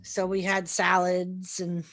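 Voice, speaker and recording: A woman's voice: lowish voice, completely flat delivery, slow, a bit bright. A woman who hosts a wrestling show, chatting casually on an online panel about home life. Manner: chatty, homely small talk.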